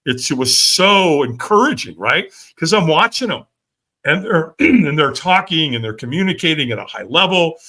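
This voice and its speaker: A middle-aged man telling a story with lots of life, his voice rising and falling widely. His tone is bright and forceful, and he keeps adding quick asides to the listener as he acts out the scenes. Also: a little high, very animated. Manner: vivid storyteller, frequent "right?" asides, acts out quotes. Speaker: podcast guest, firewalk instructor. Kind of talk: animated storytelling in an interview.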